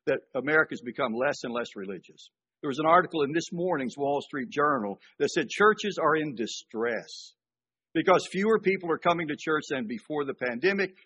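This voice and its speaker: An older man from Georgia preaching a sermon, speaking conversationally with dramatic pauses and rising emphasis. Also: a little high, fairly bright tone, slightly rough. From Georgia, USA. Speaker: pastor.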